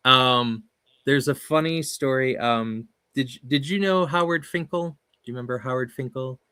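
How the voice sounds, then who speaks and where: A man's voice: mid-range voice, unhurried, pushed and bright, clear, resonant tone, no room sound. A man hosting a casual interview, hesitant and laughing often between his questions and stories. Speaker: host, interviewer.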